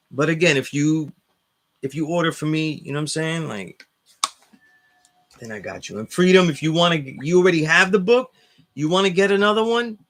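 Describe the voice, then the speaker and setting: A man's voice: mid-range voice, pushed and bright. A man with a New York accent, hosting a casual live class and chatting loosely with viewers as he reads their comments. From New York area. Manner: rambling, full of "you know what I'm saying". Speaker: class instructor reading live chat. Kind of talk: casual livestream chat.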